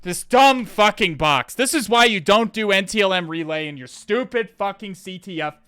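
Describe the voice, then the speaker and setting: Bright, crisp-voiced exasperated male streamer. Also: high voice, no echo. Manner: exasperated, swearing, sighing, halting restarts. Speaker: livestreamer. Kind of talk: live-streamed hacking commentary.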